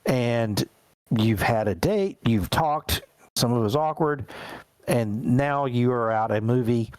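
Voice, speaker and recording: Slow, rambling male game master. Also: medium pitch, darkish tone, no room sound, low-quality recording. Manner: rambling, with many fillers and restarts. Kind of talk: narrating a tabletop game.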